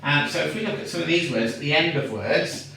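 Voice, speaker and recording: A teacher giving a patient phonics lesson to a young child, sounding out words slowly and praising often. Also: mid-range voice, bright, forceful tone, recorded from a distance. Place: home room. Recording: echoey room, away from the mic, faint noise.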